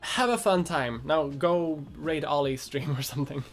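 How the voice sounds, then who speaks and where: A woman's voice: deep voice, moderate pace, faint music behind. A woman from Sweden with a light Swedish accent, a streamer chatting casually, reading viewers' comments aloud and answering them offhand, with casual swearing. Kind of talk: casual livestream chat.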